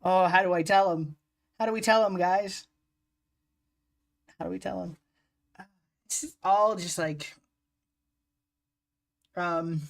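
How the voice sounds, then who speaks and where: A streamer commenting live on a dating game, excitable and swearing. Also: medium pitch, slow pace, creaky, long pauses.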